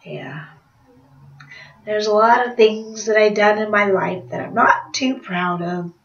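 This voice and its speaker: A woman's voice: medium pitch, takes it slowly, creaky, a bit bright. A woman vlogger telling a rambling confessional story in a chatty way, laughing at herself. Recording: roomy, distant, slightly dull sound.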